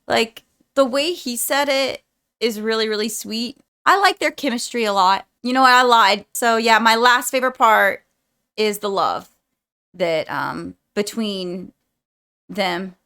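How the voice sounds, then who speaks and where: A woman's voice: on the high side, measured pace, clean tone. A young woman vlogging a movie reaction, chatting casually to her viewers in a rambling, heartfelt way with lots of "like.". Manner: rambling and chatty, says "like" often; warm and heartfelt toward viewers.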